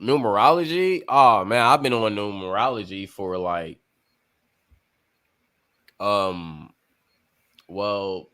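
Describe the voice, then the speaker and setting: A man's voice: fairly low pitch, slow, long pauses, pushed and bright, smooth. A man hosting a casual talk show, rambling and emphatic, cursing freely as he explains his views. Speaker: podcast host. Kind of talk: casual chat.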